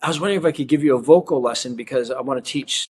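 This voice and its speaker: A man's voice: medium pitch, very fast, a little mellow. A man, a magician, telling a long personal story in a casual interview and acting out the people he quotes. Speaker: magician and guest.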